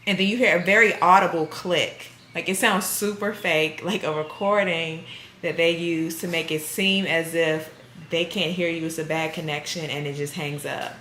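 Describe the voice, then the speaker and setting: A woman's voice: fairly low pitch, fairly even intonation, normal speed, fairly bright tone. A woman vlogging in a casual, chatty way, telling her story with amused exasperation. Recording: roomy, faintly noisy room.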